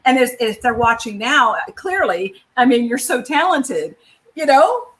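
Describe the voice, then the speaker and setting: Bright, chatty woman hosting a talk show. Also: a little high, unhurried. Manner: chatty and expressive, acts out quotes with laughter. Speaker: show host. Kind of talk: casual interview chat.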